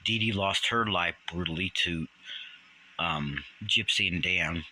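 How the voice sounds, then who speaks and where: A man in his sixties hosting a commentary vlog, ranting in an indignant, animated way and jumping up in pitch when outraged. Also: measured pace, low-quality recording. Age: 60s. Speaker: channel host.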